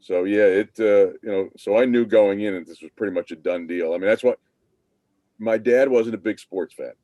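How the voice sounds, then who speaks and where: Fairly low in pitch and dark in tone, this man speaks at a normal speed in a dry recording. He's a podcast guest in his 50s, once a team manager, telling long stories over a video call in a casual interview, wandering off and restarting many times.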